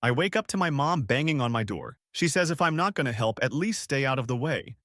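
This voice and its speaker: Telling his own story in first person, a man in his twenties keeps things slangy and casual, spelling abbreviations out letter by letter. His mid-range voice is animated, a bit bright and a little fast, captured in clean studio sound without echo.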